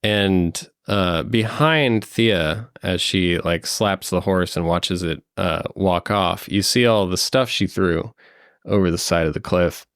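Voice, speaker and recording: A man's voice: low-pitched, slow pace, a bit bright, clean tone, no room sound, studio quality. A man narrating as game master of a tabletop game, hesitant with many ums and uhs. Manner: hesitant, fills with um and uh.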